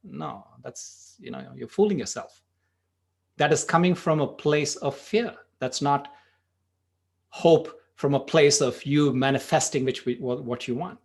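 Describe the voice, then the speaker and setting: A man leads a meditation workshop, chatting conversationally, telling stories and saying "you know" often. His mid-range voice is unhurried and a little mellow with vocal fry, though he speeds up in spurts.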